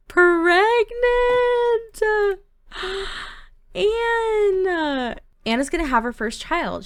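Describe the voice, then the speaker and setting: A woman's voice: mid-range voice, gravelly, a bit bright, smooth. A woman doing casual, chatty gameplay commentary from her home office, giggling and talking to her game characters. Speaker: gaming YouTuber.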